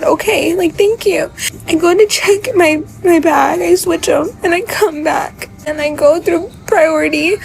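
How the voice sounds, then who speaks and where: A woman's voice: high-pitched, gravelly, darkish tone. A woman telling an upsetting story in a tearful, upset way, swearing as she goes. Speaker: vlogger. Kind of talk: casual storytelling to camera.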